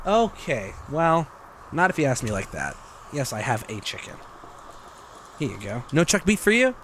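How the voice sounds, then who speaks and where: A young man streaming gameplay commentary, excitable and joking, swearing freely. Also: mid-range voice, normal speed, long pauses, a little hiss or hum.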